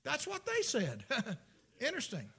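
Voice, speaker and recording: A man preaching a sermon, folksy storytelling that swings from shouts to whispers. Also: very high voice, wildly swooping pitch, a little slow, gravelly, slightly rough.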